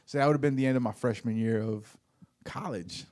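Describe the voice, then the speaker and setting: A man in his forties chats casually as a podcast co-host, drifting through a long personal story with plenty of fillers and restarts. His voice sits at an ordinary pitch. The sound is close and dry, with no room around it. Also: fairly quick, darkish tone, no room sound. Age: 40s. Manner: rambling storyteller with lots of fillers. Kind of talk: casual chat.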